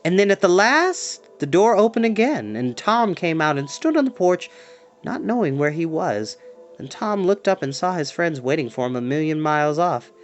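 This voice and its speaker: A man reading a storybook aloud as a storyteller, expressive and dropping to a hush at tense moments. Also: a little high, normal speed, faint music behind.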